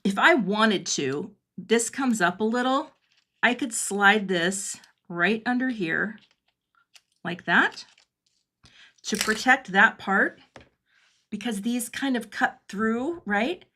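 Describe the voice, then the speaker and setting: A woman's voice: fairly high pitch, expressive, takes it slowly, pauses often, pushed and bright. Chatty middle-aged woman crafting live. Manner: chatty, thinks aloud while working, answers viewer comments. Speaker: card-making livestream host. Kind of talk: casual crafting livestream chat. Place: home craft studio.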